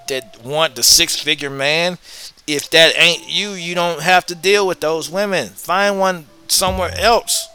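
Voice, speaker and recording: A man talking straight to his viewers in a blunt opinion monologue, his voice pitched a little high and pushed hard with a forceful, tense edge. He repeats phrases over and over to drive each point home. Soft music plays faintly underneath. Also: clear, resonant tone. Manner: emphatic and repetitive, hammering points home; casual and blunt, drops in slang. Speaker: host of his own commentary show.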